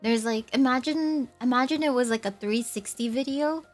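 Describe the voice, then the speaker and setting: A woman's voice: sits high, normal speed, soft background music. A young woman chatting casually on a livestream, rambling, teasing herself and laughing often. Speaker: VTuber streamer.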